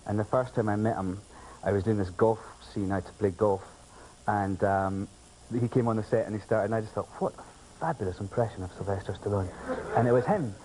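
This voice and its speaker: A man's voice: fairly low pitch, steady tone, a little fast, warm tone, slight background noise, rough recording. A man guesting on a talk show, telling cheeky anecdotes with lots of giggling. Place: television studio.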